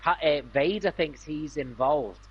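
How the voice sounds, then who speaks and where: A man talks casually on a game stream, rambling with enthusiasm and lots of fillers. His voice is slightly husky. The mic sounds dull and lo-fi. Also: a little high, unhurried. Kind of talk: casual gaming stream chat.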